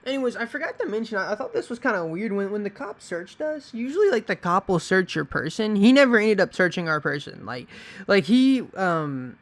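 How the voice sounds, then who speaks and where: A young man with a slightly higher-than-usual voice tells a story in a loose, casual way. He rambles, swears freely and fills gaps with "like" and "um", often restarting his sentences. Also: very animated, fairly quick. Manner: rambling, profane, lots of fillers and restarts. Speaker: vlogger.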